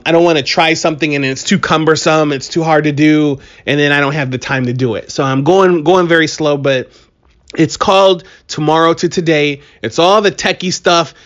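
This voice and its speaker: A man hosting his own podcast in a casual solo monologue. He talks in an animated, joking, hyped-up way, and his voice sounds a bit strained from allergies. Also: a little high. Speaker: podcast host.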